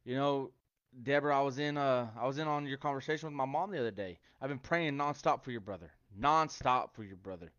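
A man's voice: medium pitch, a little fast, fairly bright tone, clean tone, no room sound. A man giving a casual devotional talk to online viewers, chatty and joking between scripture quotes. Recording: dry, dull lo-fi sound.

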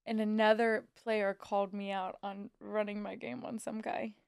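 Chatty woman with a creaky voice. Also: mid-range voice, level tone, moderate pace, dry recording, studio quality. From Missouri. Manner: chatty storyteller, acts out quotes, swears freely. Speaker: podcast co-host. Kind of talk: casual chat.

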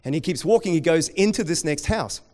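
A man preaching a sermon, dropping to quiet intensity and rising to loud, excited storytelling. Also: fairly high pitch, brisk. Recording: long hall reverb.

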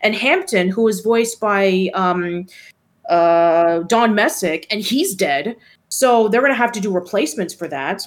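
A woman's voice: medium pitch, expressive, unhurried. A woman co-hosting a podcast in casual chat, talking in a chatty way with many fillers and restarts. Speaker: podcast co-host.

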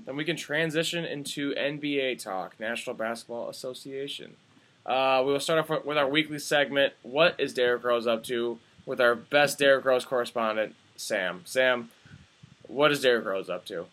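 A man's voice: medium pitch, moderate pace, a bit bright. A man hosting a podcast in casual sports chat, steering between segments with a dry, teasing manner. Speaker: podcast host running segments.

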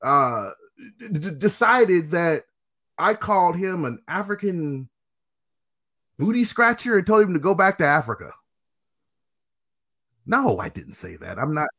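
Man, casual host, high voice that jumps all over, blunt and profane. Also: sing-song, measured pace, long pauses, bright, forceful tone. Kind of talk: casual chat.

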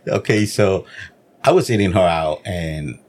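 Male podcast co-host, deep husky voice, casual, rambling storyteller. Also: lively intonation, unhurried, a little mellow. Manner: loose storytelling with filler words and quoted asides. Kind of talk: casual chat.

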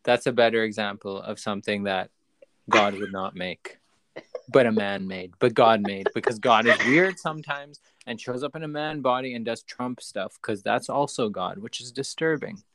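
A man hosting a podcast, chatting in an animated, joking way with many restarts. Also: lowish voice, normal speed, background noise. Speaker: podcast host. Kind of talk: casual chat.

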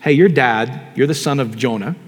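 A man's voice: medium pitch, moderate pace, breathy edge. Conversational male preacher in a hall. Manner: conversational, asks the audience questions. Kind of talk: sermon. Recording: long hall reverb.

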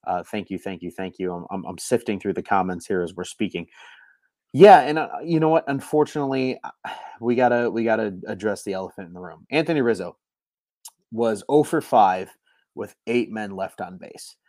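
Hushed, frustrated young man streaming late. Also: fairly low pitch, animated, normal speed, dry recording. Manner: hushed voice to avoid waking people; rambling, repeats words, frustrated fan. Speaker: live stream host. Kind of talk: late-night post-game live stream. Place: at home, late at night.

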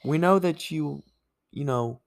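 A man's voice: a little high, slow pace, creaky. A young man co-hosting a casual podcast, upbeat and chatty, apologizing to listeners. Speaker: podcast co-host. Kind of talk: casual chat. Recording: guitar music behind.

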